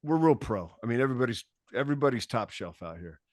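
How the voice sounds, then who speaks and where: A man telling a story as a podcast guest in casual chat, animated, acting out quotes and swearing freely. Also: medium pitch, quick pace, dry recording, clean studio sound. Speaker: podcast guest, bass tech.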